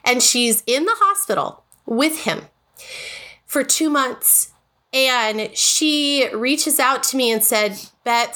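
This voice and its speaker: A woman's voice: on the high side, sharp tone. A woman, likely in her thirties, from the United States, talking earnestly and emotionally as a podcast guest, often restarting her sentences. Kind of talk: casual podcast conversation.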